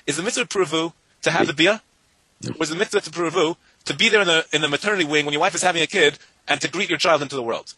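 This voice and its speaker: A man teaching a Talmud class to students, animated and talking in rapid bursts, chanting the Hebrew and Aramaic texts in a sing-song lilt. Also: fairly high pitch, dry recording, rough recording.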